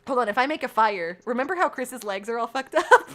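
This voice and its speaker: A young woman streaming a life-sim game, chatting to her viewers and often squealing with excitement. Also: on the high side, fast. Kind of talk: gaming livestream chat. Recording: faint background game music.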